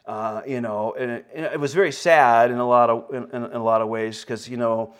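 A man preaching and telling a story from his own life, with a plain, mid-pitched voice. He halts and repeats words as he goes, and his voice rises at the emotional points. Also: steady tone, brisk, few pauses, clean tone. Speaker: pastor. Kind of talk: sermon storytelling.

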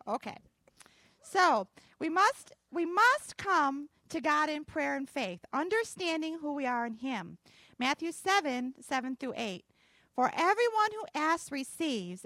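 High, lively woman pastor preaching. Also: no room sound. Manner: folksy storytelling with emphatic declarations. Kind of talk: sermon with personal story.

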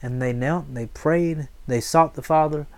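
A man's voice: on the high side, normal speed. A man preaching a sermon, emphatic and asking the congregation call-and-response questions. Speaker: pastor.

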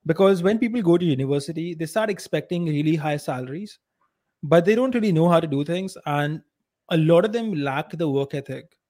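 On a casual podcast, an Indian-accented male co-host speaks bluntly and with strong opinions, his loudness uneven. His voice is on the high side, animated and a little fast.

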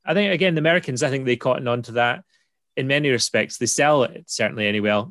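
A man's voice: medium pitch, fast talker, fairly bright tone, no echo, studio quality. A British man hosting a casual chat, upbeat and persuasive, often checking in with "right?". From Britain. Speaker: host.

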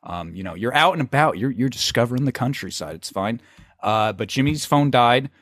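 A man's voice: mid-range voice, lively intonation, brisk, fairly bright tone, dry recording, clean studio sound. A man hosting a podcast, chatting casually in a rambling, crude way and laughing often. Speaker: podcast host.

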